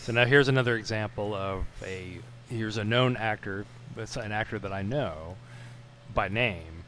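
A middle-aged man from Florida talks through a film in a casual podcast chat, slow and hesitant, often restarting his sentences. His voice sits a little low. A faint ambient hiss runs underneath. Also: fairly bright tone. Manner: rambling, hesitant, slow and measured. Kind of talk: casual movie discussion.

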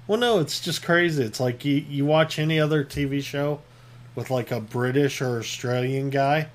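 A man's voice: mid-range voice, moderate pace. A man from Ohio chatting casually about movies and actors' accents, loose and talkative with lots of filler words.

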